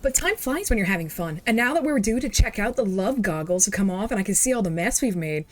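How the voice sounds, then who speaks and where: A woman reading out a cheerful newlywed princess's letter in a brisk, wry voice. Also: medium pitch, expressive, a little hiss or hum, close to an everyday voice.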